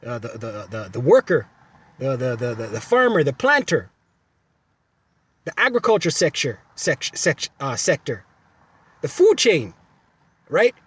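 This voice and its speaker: A man's voice: mid-range voice, big pitch swings, unhurried, long pauses, breathy edge. A man teaching scripture in a sermon style, emphatic and repetitive, often asking "right?" between phrases. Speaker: teacher of a religious camp.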